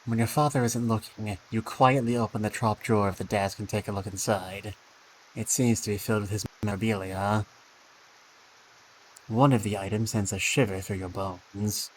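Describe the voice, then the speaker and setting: A man's voice: on the low side, steady tone, normal speed, slight background noise, rough recording. A man streaming a game, thinking aloud with dry asides and reading the game text.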